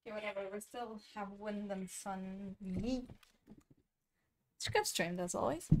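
A woman's voice: medium pitch, unhurried, slight background noise. A young woman streaming a game live, cursing and laughing in exasperation as she plays. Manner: swearing a lot, exasperated, laughing often. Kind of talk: live gameplay commentary.

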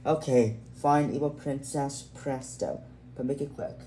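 A man's voice: medium pitch, fairly even intonation, unhurried, dark tone, a little hiss or hum, natural voice, poor audio. A man voicing a young girl who has been magically turned into a boy, stumbling and repeating his words in a homemade fan story. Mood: reluctant.

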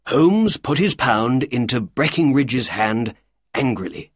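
A man narrating a storybook for learners in a slow, clear way. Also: mid-range voice, big pitch swings, no room sound, clean studio sound.

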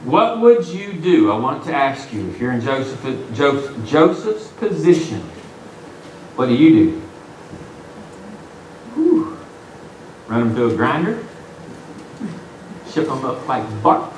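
Animated male preacher in an echoey church. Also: medium pitch, a little slow, a little hiss or hum. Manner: animated storytelling, acting out the characters with jokes. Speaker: pastor. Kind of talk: sermon. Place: church sanctuary. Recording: echoey hall, mic from a distance.

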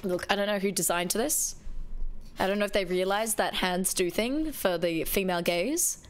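A woman's voice: medium pitch, normal speed. A woman chatting playfully with her viewers while streaming a game. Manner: playful, chatty, talking to chat. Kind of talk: casual live-stream chat.

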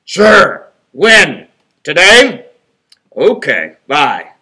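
A loud, gruff storybook wolf who blusters through every line. His voice is bright and forceful and swings widely in pitch, as a man reading aloud puts him on. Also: huge pitch swings, extremely slow, exaggerated voice. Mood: brisk. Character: blustering male wolf villain.

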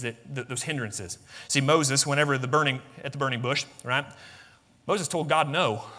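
A man preaching a sermon as pastor, swinging from soft, low musing to loud, high emphatic bursts. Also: long reverb tail. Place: church sanctuary.

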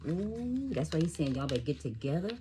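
A woman doing a casual, profane tarot reading monologue, animated and laughing often. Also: low-pitched, fairly quick, slight background noise. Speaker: tarot reader.

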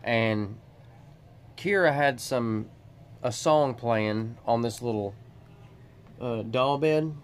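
A man's voice: mid-range voice, slow, long pauses. A man, chatting and joking casually on his vlog. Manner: animated, joking, drawling. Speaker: vlogger.

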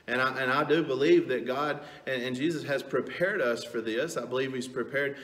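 In an echoey church sanctuary, a middle-aged youth pastor gives a rambling, folksy sermon, telling stories full of fillers. His mid-range voice is a bit bright and moves at a moderate pace.

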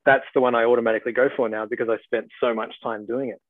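A man's voice: mid-range voice, little pitch movement, very fast. Australian man over a tinny call line. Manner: chatty, rambling with fillers and restarts. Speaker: actor guest. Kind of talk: casual video-call interview. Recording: tinny phone-like call audio, dry.

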